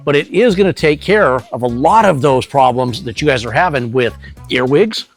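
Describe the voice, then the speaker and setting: A man hosting a pest control channel, giving an energetic, salesy product demonstration straight to the viewer. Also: medium pitch, moderate pace, faint music behind. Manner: energetic, salesy, direct to camera.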